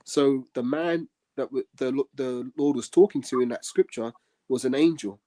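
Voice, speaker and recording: Guy with a warm dark voice breaking down bible verses, lots of ums, earnest. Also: mid-range voice. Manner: earnest, measured, many "um" pauses. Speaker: co-host explaining scripture. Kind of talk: religious podcast discussion.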